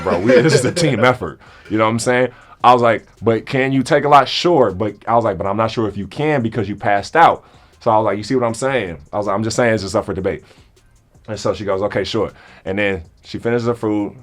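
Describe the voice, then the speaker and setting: Young adult male storyteller, deeper voice, animated, casual comedic delivery. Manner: animated, acts out both sides of a conversation. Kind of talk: comedic storytelling among friends.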